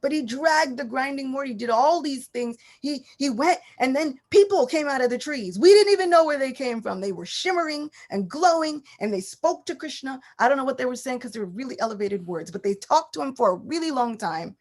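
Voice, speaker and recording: Eager, breathless kids , as a woman puts them on. Raised pitch. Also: expressive, brisk, hardly any pauses, a little mellow. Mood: excited. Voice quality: breathless, eager and wide-eyed. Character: excited village children telling a story.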